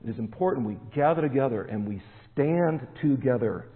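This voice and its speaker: A man's voice: medium pitch, lively intonation, brisk. A man preaching a sermon as pastor, emphatic and stressing key words. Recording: echoey hall, tinny phone-like sound.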